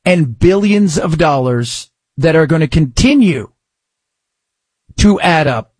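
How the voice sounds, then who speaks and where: A man's voice: high-pitched, no echo. A man hosting a talk radio show, ranting with sarcasm and exasperation, then reading ads in the same voice. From United States. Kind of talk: opinionated talk radio monologue and host-read ads.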